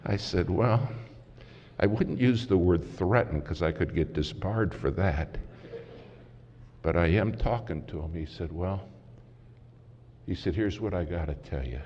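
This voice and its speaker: A man preaching a sermon as a story, dramatic and swinging from loud to hushed, recorded in a large conference hall. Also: low-pitched, lively intonation, unhurried, pauses often. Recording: muffled hall recording with faint hiss.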